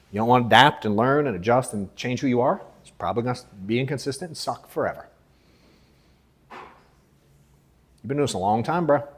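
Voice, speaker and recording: Man, thirties, sales coach, live session, blunt, profane, emphatic then muttering, mid pitch. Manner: blunt, profane, swings from emphatic to low and quiet.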